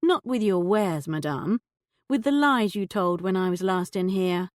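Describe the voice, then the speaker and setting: A woman's voice: on the low side, unhurried, no echo, studio quality, natural voice. A woman voicing a shrewd young lady detective who questions a suspect with poised, pointed politeness. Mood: pressing.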